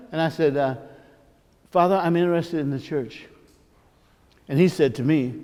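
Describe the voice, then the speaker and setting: A man's voice: on the high side, moderate pace, darkish tone. A man, a priest, telling a personal story in a rambling, confiding sermon with many asides. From Missouri, United States. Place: large church hall. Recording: long hall reverb.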